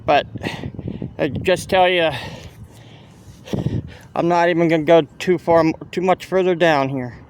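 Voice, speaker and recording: A man with a Central Pennsylvania accent narrates a walk through town, speaking slowly in a slightly high voice. He rambles, restarts his sentences and points things out as he goes. The phone recording is outdoors, with faint street and traffic noise behind him. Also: darkish tone. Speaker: local walking-tour vlogger. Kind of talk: casual walking narration.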